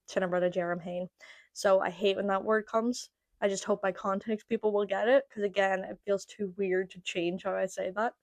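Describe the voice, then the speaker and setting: A chatty Irish woman hosting her own podcast, talking casually and repeating words to show how she says them. Her voice sits at an ordinary middle pitch for a woman. The sound is close and dry, with no room around it. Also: normal speed, a little mellow, no room sound. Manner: chatty, demonstrating word pronunciations. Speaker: podcast host. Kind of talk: casual chat.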